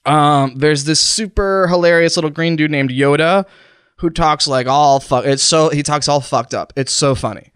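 Smooth-voiced man in a comic mock-dying monologue. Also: a little high, normal speed, fairly bright tone, no room sound, studio quality. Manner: mock-dying, pained and strained, breaking off mid-sentence. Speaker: podcast host. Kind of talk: comedic improvised monologue. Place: recording studio. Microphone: studio microphone.

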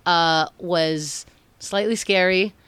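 A woman's voice: lowish voice, slow, a bit bright, smooth. A woman co-hosting a casual chat, telling stories, acting out quotes and swearing. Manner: chatty storyteller, acts out quotes, swears.

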